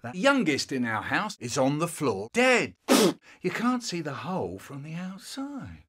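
A man spins a comic monologue in a bright, fairly high voice. His pitch leaps all over the place, and his loudness lurches from sudden shouts down to quiet mumbling. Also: huge pitch swings, unhurried, breathy edge. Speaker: comic storyteller.

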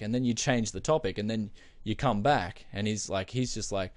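A young man talks straight to camera in a loose, chatty tech vlog, calling his viewers "guys" and wandering into animated asides. His voice sits on the low side, and it sounds dry and close, with no room in it. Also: a little fast, no room sound. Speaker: tech video host. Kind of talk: casual explanatory vlog.

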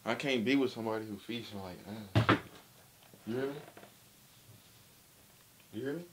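A man's voice: fairly low pitch, moderate pace, noisy background. A young adult man, a vlogger, teasing his girlfriend in a casual prank video. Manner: teasing, playful.

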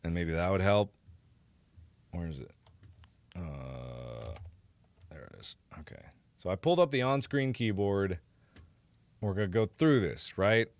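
A young man live-streaming, giving gameplay commentary while getting exasperated, swearing and breaking into loud outbursts. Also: low voice, lively intonation, unhurried, long pauses, dry recording.

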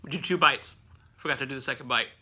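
A man's voice: medium pitch, fast, bright, forceful tone, husky. A man hosting a casual snack review vlog at home, rambling with lots of fillers and laughing often.

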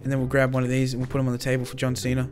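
A young man hosting an improvised game roleplay, talking in an excitable, slangy way and swinging between loud cheers and low mutters. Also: racing. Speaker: roleplay host. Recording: faint music behind.

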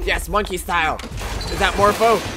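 A man giving let's play commentary, excitable and jokey, talking back at the game as he plays. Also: high-pitched, moderate pace. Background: game music and sounds.

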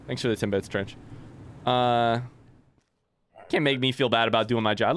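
A man's voice: medium pitch, fairly even intonation, moderate pace, pauses often, fairly bright tone, a little hiss or hum. A young man doing live let's-play commentary, chatting with viewers and reading game text aloud.

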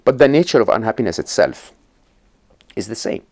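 An Egyptian man, a podcast guest, speaks in a low, gravelly voice at a fairly quick pace during a conversational interview. He tells stories with animation, often restarting sentences and checking in with "right?"

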